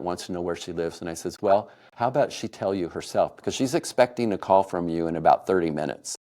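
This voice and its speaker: A middle-aged man from Kansas telling a personal family story, emotional and laughing softly now and then. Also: low voice. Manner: warm, emotional retelling with soft laughs. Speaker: podcast storyteller.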